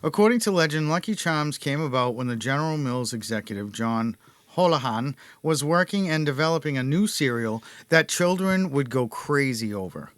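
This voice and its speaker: A man's voice: mid-range voice, animated, moderate pace, dry recording. A man hosting a casual podcast, reading notes aloud and laughing at his own jokes. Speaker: podcast host.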